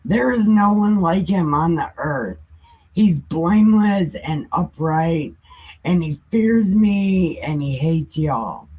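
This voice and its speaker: A woman's voice: fairly low pitch, lively intonation, slow, darkish tone, slightly rough, heavily acted, low-quality recording. A woman voicing an exasperated, stern male God who scolds and complains in a casual Bible retelling. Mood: indignant. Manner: indignant scolding.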